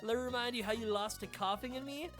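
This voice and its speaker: A woman's voice: fairly high pitch, fast, a bit bright, soft background music, pitched above the performer's own voice, lightly acted. A woman voicing a smug, gloating male monster villain from a game, mocking the heroes. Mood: smug taunting.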